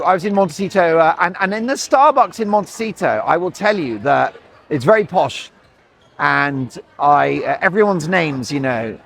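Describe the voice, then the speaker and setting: A man's voice: fairly high pitch, gravelly. A man in his forties, a talk show host rambling in chatty, sarcastic commentary, recorded outdoors. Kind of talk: opinionated commentary.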